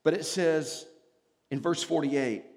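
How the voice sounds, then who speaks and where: A man preaching a sermon in a church, telling stories with humor and explaining scripture in an animated way. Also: a little high, takes it slowly, long reverb tail.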